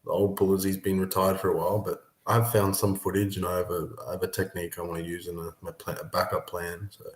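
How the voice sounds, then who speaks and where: A young man, an arm wrestler, chatting casually and laughing often between halting sentences. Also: deep voice, monotone. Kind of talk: casual podcast chat. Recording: roomy echo.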